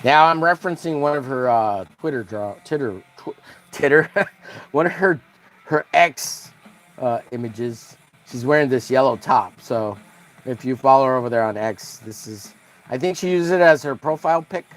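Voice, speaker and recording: A man's voice: medium pitch, lively intonation, normal speed, fairly bright tone. A man hosting a casual drawing livestream, joking crudely and greeting viewers by name as he works. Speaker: livestream host.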